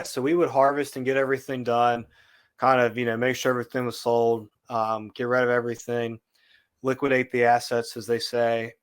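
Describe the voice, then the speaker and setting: A man as a podcast guest, telling a story in a casual, animated way and acting out what people said. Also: mid-range voice, clear, resonant tone. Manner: animated storyteller, acts out quotes.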